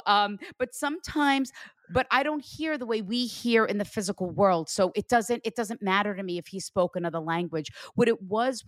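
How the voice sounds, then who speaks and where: Animated woman giving a medium reading. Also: medium pitch, no echo. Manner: animated, acts out quoted dialogue. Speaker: psychic medium and show host. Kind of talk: spiritual reading.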